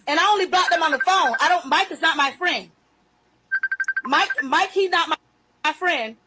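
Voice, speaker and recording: This livestream host's voice is very high-pitched and her speed normal, with noise behind her on the phone stream. Unscripted and confrontational, she curses her way through a rant, stretching the words she wants to stress.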